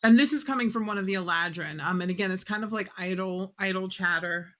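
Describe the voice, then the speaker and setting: A woman's voice: medium pitch, fast talker, a bit bright. A woman narrating a tabletop game as game master, rambling with lots of fillers.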